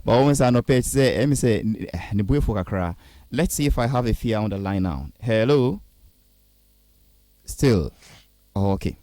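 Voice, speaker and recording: A man with a Ghanaian accent hosting morning radio in a studio, talking in a hesitant, lively way mixing Twi and English. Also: medium pitch, moderate pace, pauses often, no echo. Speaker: radio show host. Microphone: studio mic.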